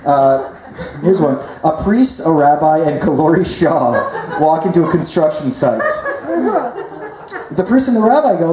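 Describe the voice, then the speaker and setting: A man's voice: fairly high pitch, animated, a little slow. A young man doing a chatty, self-deprecating stand-up comedy set for a live audience. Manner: self-deprecating, chatty, leads the crowd in chants. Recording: echoey hall, crowd noise.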